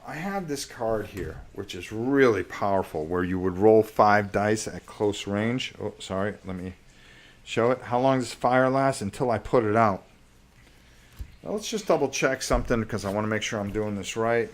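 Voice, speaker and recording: A man with a sore voice hosting a live stream, playing a solo board wargame and thinking aloud as he checks the rules. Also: on the low side. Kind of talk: casual live-stream gameplay commentary.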